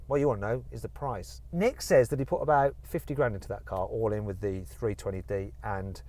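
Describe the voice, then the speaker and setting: A middle-aged man from the West Midlands presenting a car video in a chatty, animated way. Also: medium pitch. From West Midlands, England. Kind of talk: casual presenting to camera.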